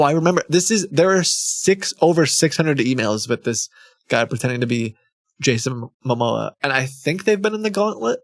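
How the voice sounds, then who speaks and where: Guy streamer reading scam emails out loud, kinda gravelly creaky voice, keeps chuckling and rambling, dry sound. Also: mid-range voice, dry recording. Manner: amused, chuckling, rambling asides.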